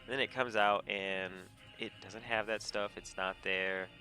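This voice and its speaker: A man giving a casual, rambling rant about video games on a desk mic, animated and often laughing. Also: fairly low pitch, measured pace. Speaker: gamer vlogger. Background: faint game music.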